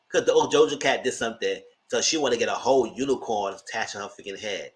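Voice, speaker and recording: A man hosting a channel, recapping TV episodes in casual, gossipy commentary, swearing freely and jumping into squealed exclamations. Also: fairly quick. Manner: animated, gossipy retelling with frequent swearing; breaks into high squealing exclamations. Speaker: TV show reviewer and channel host.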